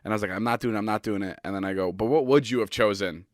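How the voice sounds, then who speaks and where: A man's voice: lowish voice, rapid-fire, dry recording, clean studio sound. A man in his twenties co-hosting a podcast, telling rambling stories in casual chat and swearing freely. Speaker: podcast co-host.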